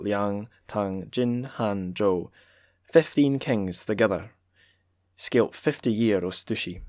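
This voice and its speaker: A man's voice: deep voice, no room sound, clean studio sound. A man hosting a podcast in a chatty way, stumbling and restarting as he reads passages aloud. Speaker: podcast host. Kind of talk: casual podcast talk and reading aloud.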